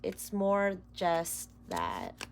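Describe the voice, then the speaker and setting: A woman's voice: lowish voice, very animated, drawn-out words, vocal fry, a little hiss or hum. A woman doing a casual tarot reading to camera, emotional and close to tears, rambling and dropping into whispers. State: near tears. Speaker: tarot reader.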